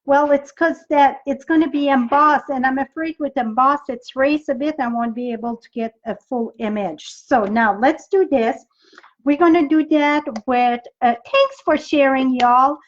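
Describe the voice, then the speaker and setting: A woman's voice: high-pitched, a little slow, highs cut off. A middle-aged French Canadian woman with a French accent, chatting with viewers while demonstrating card making, thinking aloud as she works. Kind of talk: live-streamed crafting demo.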